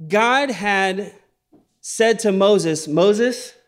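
High-voiced man preaching conversationally. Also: unhurried. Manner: conversational storytelling, asks the audience. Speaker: pastor. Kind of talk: sermon.

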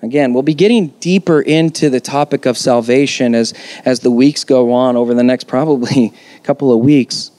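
A man's voice: mid-range voice, normal speed, mellow. Emphatic male pastor preaching. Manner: conversational, emphatic, rhetorical questions. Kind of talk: sermon.

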